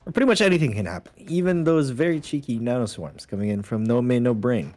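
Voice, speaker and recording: A man's voice: mid-range voice, lively intonation, fast, a little mellow. A man from the Philippines doing color commentary on a competitive shooter match, chatty and analytical with some jokes. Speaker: esports co-caster.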